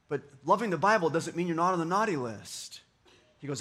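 A man's voice: sits high, quick pace, sharp tone. A man preaching a sermon in a conversational, playful way, voicing quotes and asides. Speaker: pastor.

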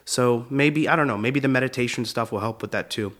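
A comedian in his twenties hosts his own show, telling rambling stories in a casual monologue, laughing at his own jokes and acting out quotes. His voice is medium-pitched, brisk and fairly bright.

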